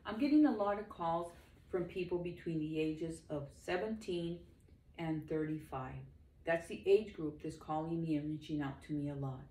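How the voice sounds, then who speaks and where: A woman's voice: low-pitched, steady tone, normal speed, warm tone. A woman in her sixties, a lay minister, preaching informally to the camera in an earnest, emphatic and rambling way. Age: 60s. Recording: roomy echo, distant mic, faint background noise.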